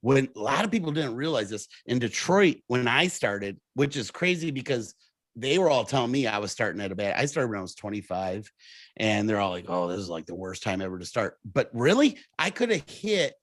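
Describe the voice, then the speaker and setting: A man telling a story in casual chat, animated and laughing as he acts out the people in it. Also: mid-range voice, normal speed, no room sound. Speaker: comedian guest.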